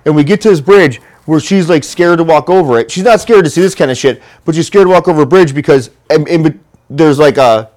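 A man's voice: fairly high pitch, a little fast, darkish tone. A man in casual chat, telling a long, rambling, profane story full of "like" fillers.

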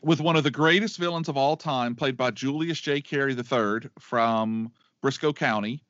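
A middle-aged man chatting as a podcast co-host, rambling with eager restarts. His voice sits at an ordinary pitch. The sound is dry and a bit dull, as if recorded on a modest mic. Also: moderate pace, fairly bright tone, no room sound. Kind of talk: casual chat.

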